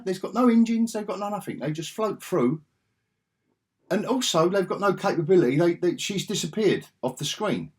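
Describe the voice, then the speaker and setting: A man's voice: a little high, slightly rough. A man giving a rambling, sarcastic spoken review, chuckling often as he retells scenes.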